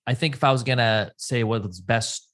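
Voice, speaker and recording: A man's voice: medium pitch, a little fast, fairly bright tone. A man hosting a casual chat, answering with dry, wry humor.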